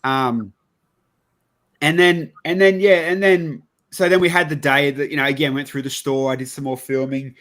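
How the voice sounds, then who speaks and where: A man's voice: fairly high pitch, moderate pace. A man with an Australian accent, chatting casually and telling a rambling story, acting out other people's lines and swearing loosely. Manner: rambling, animated, swears casually, acts out dialogue. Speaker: podcast host.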